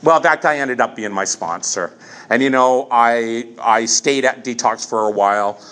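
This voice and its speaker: A man in his fifties telling his own recovery story from the front of a meeting room, candid and halting, often restarting and repeating phrases. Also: medium pitch, a bit bright. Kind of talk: personal testimony at a recovery meeting.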